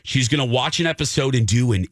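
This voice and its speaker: A man hosting a radio show, telling a story in a casual chat and acting out the quotes in a high voice. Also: fast, breathy edge, no echo, studio quality.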